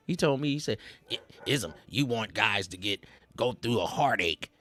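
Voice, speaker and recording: A man hosting a livestream, ranting in casual street slang, preachy and animated, with frequent repeats. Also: fairly low pitch, normal speed, faint music behind. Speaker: livestream host.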